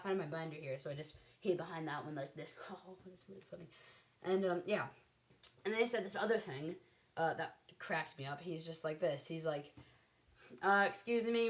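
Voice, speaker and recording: A teenage girl chats to the camera, drifting from story to story with lots of ums and likes. She giggles easily. Her voice sits a little lower than most girls'. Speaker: vlogger.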